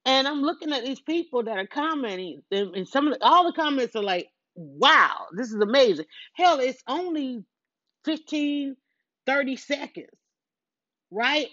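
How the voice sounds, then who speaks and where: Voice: high-pitched, expressive, measured pace, pushed and bright, dry recording. A middle-aged podcast host and longtime blogger in a casual, reflective monologue, rambling, restarting words and quoting their own thoughts aloud. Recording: dull lo-fi dry recording.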